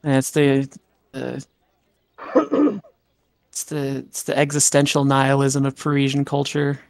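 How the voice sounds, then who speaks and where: A man's voice: mid-range voice, measured pace, vocal fry, no echo, studio quality. A man chatting casually on a game stream, rambling and jokey, retelling movie skits.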